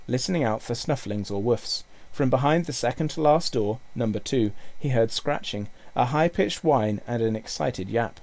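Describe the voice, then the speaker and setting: A male teacher reading a children's book aloud with expressive storytelling. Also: medium pitch. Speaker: primary school teacher.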